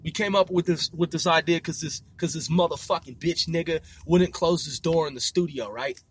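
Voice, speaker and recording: A man from Seattle telling profane, rambling stories in a casual, animated way. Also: on the high side, moderate pace, husky. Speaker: podcast host. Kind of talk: casual storytelling.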